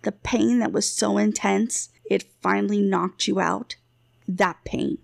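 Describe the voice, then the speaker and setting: A stern, grieving male chieftain, as a woman narrator acts him out, drawing each word out slowly and coldly. The voice is gravelly and low-key, recorded close and dry. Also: fairly even intonation, no room sound. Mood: menacing. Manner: slow, measured and cold.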